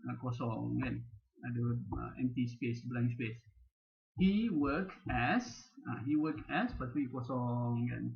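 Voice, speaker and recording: A man's voice: medium pitch, creaky, lo-fi sound, slight background noise. A young man with a Malaysian accent giving a recorded lecture, switching freely between English and Malay in a conversational teaching tone.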